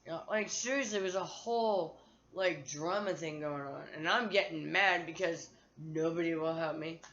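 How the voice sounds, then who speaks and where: A woman's voice: sits low, moderate pace, a bit bright, lo-fi sound. A woman vlogger talking to her phone in a candid, profane, rambling monologue.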